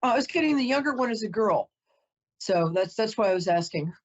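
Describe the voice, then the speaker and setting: Emotional chatty psychic woman, husky. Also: medium pitch, lively intonation, a little fast, muffled recording. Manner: emotional, chatty, apologetic, tearing up. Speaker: psychic host. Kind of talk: psychic reading for a caller.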